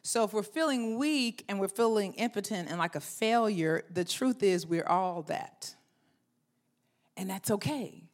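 A woman pastor preaching a sermon, lively, acting out inner voices and leading the congregation in call-and-response. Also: mid-range voice, a little slow.

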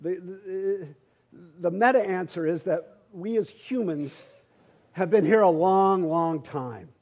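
A man's voice: sits high, slow pace, a little mellow. A middle-aged man, a pastor, preaching a sermon through a humorous, conversational personal story, often repeating words as he starts sentences.

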